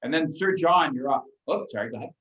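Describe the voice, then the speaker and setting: A man narrating a tabletop game as game master, with lively delivery and frequent restarts. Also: fairly high pitch, fast talker, roomy sound, dull audio.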